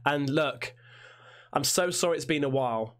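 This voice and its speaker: Croaky man streaming with a chest infection. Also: fairly high pitch, moderate pace, background noise. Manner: lively, rambling, loud hyped greetings. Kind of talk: casual livestream chat.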